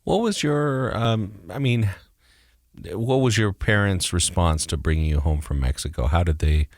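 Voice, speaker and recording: A man co-hosts a podcast and asks his question haltingly, starting over as he goes. His voice is very deep. The sound is dry. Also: a little mellow, dry recording. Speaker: podcast co-host. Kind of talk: interview question.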